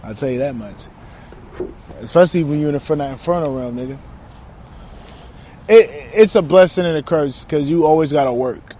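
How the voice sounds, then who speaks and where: A man's voice: on the high side, moderate pace, pauses often, warm tone, slight background noise. Slangy young man rambling outdoors. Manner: casual, slangy, trailing off and restarting. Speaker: self-described channeler. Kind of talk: rambling spiritual monologue.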